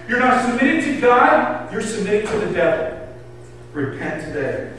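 A man with a high voice preaches with passion, rising to loud urging and dropping to hushed pleading. He is heard from a distance in a church hall with a long, booming echo and faint room noise behind him. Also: lively intonation, measured pace. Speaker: pastor. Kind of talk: sermon. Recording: echoey hall recorded from afar.

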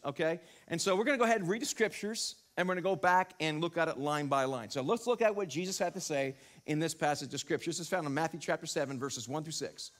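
High-voiced animated preaching man. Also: fast, few pauses. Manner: animated, rising to emphatic peaks, rhetorical questions. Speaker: pastor. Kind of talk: sermon. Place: church sanctuary.

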